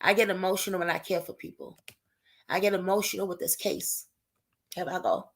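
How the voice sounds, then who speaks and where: A woman's voice: fairly low pitch, steady tone, a little fast, slight background noise. A woman hosting a livestream, crying and emotional as she talks openly to her viewers in casual chat. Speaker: livestream host.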